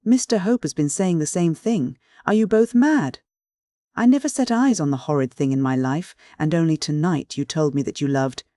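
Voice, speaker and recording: A stout, theatrical widow, a middle-aged woman whose voice goes shrill and hard when she is offended, as an audiobook narrator plays her. Her complaints are melodramatic, and the sound is dry and close. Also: moderate pace, dark tone, no room sound, natural voice. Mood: furious.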